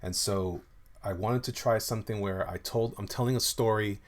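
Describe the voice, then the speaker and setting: A man's voice: fairly low pitch, normal speed. A man who makes comics chatting casually on a live stream, rambling with many restarts while he shows his artwork and reads viewer comments. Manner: rambling, many restarts and fillers, loose and friendly. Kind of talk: casual livestream chat reading viewer comments.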